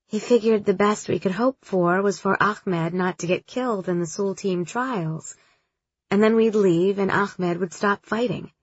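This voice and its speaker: A woman voicing a gentle, wistful young woman who speaks softly and reflectively. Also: medium pitch, measured pace, slightly rough, dry recording, dull audio.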